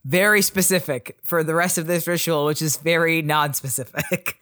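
A man's voice: fairly high pitch, steady tone, normal speed, bright, forceful tone, dry recording, studio quality. A man co-hosting a casual comedy podcast, reading out the steps of a spooky ritual and joking about each one with frequent laughs. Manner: reads ritual steps aloud with wry asides and frequent laughs. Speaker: podcast co-host.

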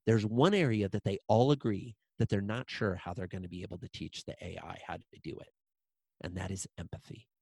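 Gravelly, husky man telling a story. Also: fairly low pitch, fairly quick, darkish tone, dry recording. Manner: emphatic, repeats lines for weight. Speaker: guest speaker. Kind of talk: interview storytelling.

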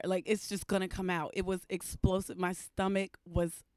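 A woman's voice: fairly low pitch, moderate pace, smooth, no echo, studio quality. A woman comedian, a podcast guest, telling a story in casual chat and acting out the other people in it. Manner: animated storyteller, acts out dialogue with shifting voices.

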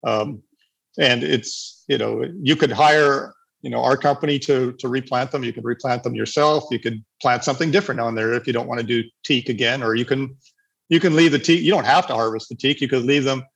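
A man with a gravelly, slightly husky voice gives a loose webinar presentation. He rambles, restarts his sentences and fills gaps with "um" and "you know.". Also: medium pitch, fairly quick, fairly bright tone, poor audio. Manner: rambling, with many restarts and fillers. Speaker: agroforestry project presenter.

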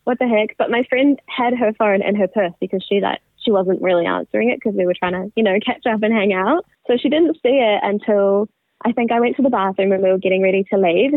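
A young woman talks in a loose, chatty way, laughing now and then and slipping into what others said. Her voice comes through a thin, phone-like line with a dry sound. Her pitch sits in the middle for a woman. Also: gravelly, no room sound. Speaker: interview guest. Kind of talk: casual storytelling interview. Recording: tinny phone-line audio.

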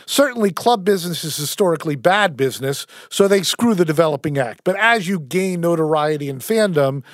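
A man's voice: on the high side, animated, fairly quick, no echo, studio quality. A man hosting a podcast interview, talking emphatically, cutting in and arguing his points. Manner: emphatic, cuts in and argues points. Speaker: podcast host. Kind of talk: conversational interview.

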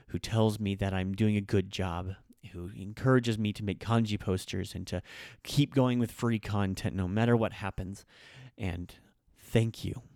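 Man, podcast host, lowish voice, emotional and hesitant, dry close sound. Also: darkish tone, dry recording. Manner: emotional, hesitant with many ums. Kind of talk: heartfelt spoken thanks.

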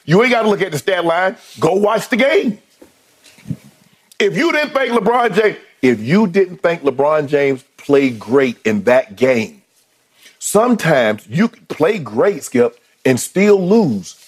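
A man's voice: fairly high pitch, big pitch swings, slow pace, husky. A man arguing heatedly in a sports debate, emphatic, often stammering and restarting his sentences.

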